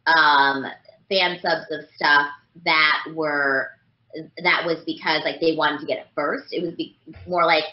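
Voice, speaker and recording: Chatty woman guest, low-ish voice, roomy. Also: steady tone, unhurried. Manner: rambling, many "like" fillers. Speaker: voice actress guest. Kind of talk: casual interview chat. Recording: roomy, dull lo-fi sound.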